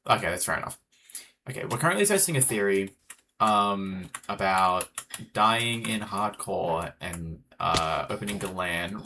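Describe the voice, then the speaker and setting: A man's voice: lowish voice, background noise. An Australian man chatting casually with viewers while streaming a game, rambling as he talks. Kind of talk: casual live gameplay chat.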